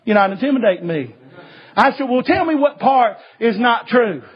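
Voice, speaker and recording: A man preaching a sermon, telling stories fervently and rising to shouts. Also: very high-pitched, expressive, moderate pace, slightly rough, lo-fi sound. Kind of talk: sermon with storytelling.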